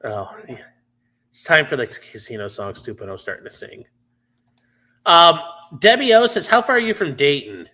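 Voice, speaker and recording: A man chatting loosely on a livestream, his bright, sharp voice bouncing all over in pitch. He rambles through viewer comments with plenty of fillers and the odd swear word, close to the mic. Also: sing-song, moderate pace. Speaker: livestream host. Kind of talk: casual livestream chat answering viewers.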